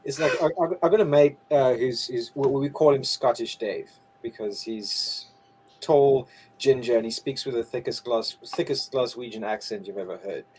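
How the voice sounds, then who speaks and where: A man's voice: medium pitch, moderate pace, a little mellow, a little hiss or hum, poor audio. A man, chatting casually as a game creator guest on a video call and restarting his sentences often. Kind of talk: casual interview chat.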